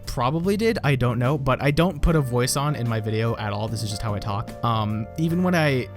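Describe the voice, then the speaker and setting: A man's voice: medium pitch, animated, fairly quick. A young man talking loosely over his old videos, cursing freely and laughing at himself in a mid-range voice. Guitar music plays underneath him. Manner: rambling, swears often, self-mocking. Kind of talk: casual reaction commentary.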